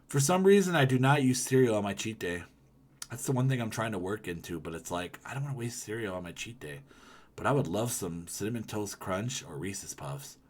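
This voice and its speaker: A man hosting a live stream in loose, profane chat that drifts from topic to topic. His voice sits a little low, and he breaks into loud ranting bursts. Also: husky. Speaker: livestreamer. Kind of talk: casual stream chat, reading comments.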